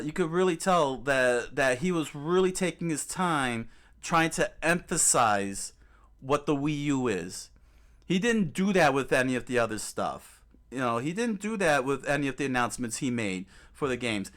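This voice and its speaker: Medium-pitched with a fairly bright tone, this man hosts a gaming channel. As he browses clips he chats casually and emphatically, often repeating himself, restarting sentences and using fillers.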